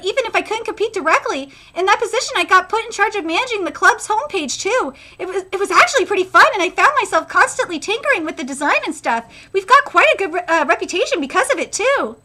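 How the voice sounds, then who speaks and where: Woman voicing a calm teen boy, quiet about his past. High, bright read. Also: full character voice. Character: calm teenage boy, retired wrestler.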